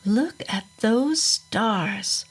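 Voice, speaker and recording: A woman voicing a quiet, spooky man with a thick southern drawl who speaks softly, half in a whisper. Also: a little high, expressive, measured pace, pitched above the performer's own voice. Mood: hushed wonder.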